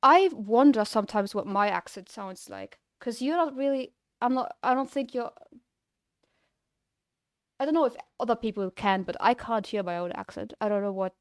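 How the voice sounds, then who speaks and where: A woman's voice: a little high, animated, moderate pace, dry recording, studio quality. Chatty young woman with a German-sounding accent. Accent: non-native English, German-sounding. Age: young adult. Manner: chatty and rambling, with frequent restarts and laughs. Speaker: streamer chatting with viewers. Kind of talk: casual live-stream chat.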